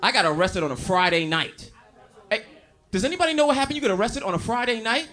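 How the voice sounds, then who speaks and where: Guy doing stand-up, high voice, brash and profane, talks right at the crowd, faint laughs in the room. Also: animated, fast talker. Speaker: stand-up comedian. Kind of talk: stand-up comedy set. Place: comedy stage before a live audience. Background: audience laughter.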